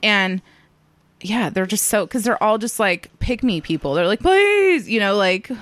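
A woman's voice: mid-range voice, moderate pace, dry recording. A young woman talking in a loose, rambling way, with many "like"s and bursts of laughter. Her voice sits in an ordinary middle range. The sound is dry and close, with no room around it. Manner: chatty, laughs often, acts out quotes in loud mocking voices. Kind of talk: casual chat.

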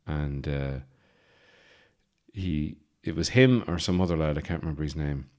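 A man's voice: rumbling low, normal speed, darkish tone. A man in his thirties with an Irish Midlands accent, telling rambling, self-mocking comic stories with lots of fillers and restarts. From Ireland. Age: 30s. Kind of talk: casual comic monologue.

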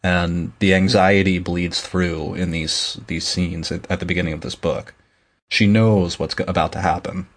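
Low-voiced man recapping a book. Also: fairly even intonation, normal speed. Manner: rambling recap with self-corrections. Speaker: podcast co-host. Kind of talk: casual book discussion.

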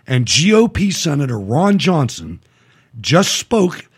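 Brief: male host, husky tone, pitch swinging a lot, scornful asides. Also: wildly swooping pitch, slow. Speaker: commentator host. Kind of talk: casual political commentary.

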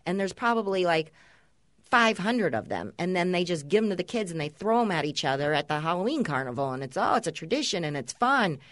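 A woman and mother co-hosting a podcast, chatting casually and telling stories with lively, acted-out quotes. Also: on the low side, a little fast. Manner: animated storytelling, mimics others' voices. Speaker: podcast host. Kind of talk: casual chat.

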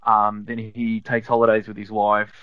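A man's voice: lowish voice, monotone, normal speed, dry recording, dull audio. A man appearing as a podcast guest, speaking in rambling, hesitant casual chat full of restarts.

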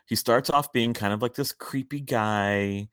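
A man's voice: medium pitch, unhurried, fairly bright tone, no room sound, studio quality. A man talking casually about a film, blunt and cussing now and then.

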